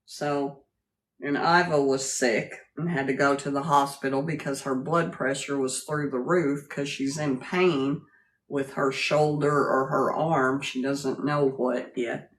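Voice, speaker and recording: A woman's voice: very deep voice, fairly even intonation, measured pace, slight background noise. A woman hosting a casual livestream, greeting viewers by name and laughing often as she chats. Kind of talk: casual live chat.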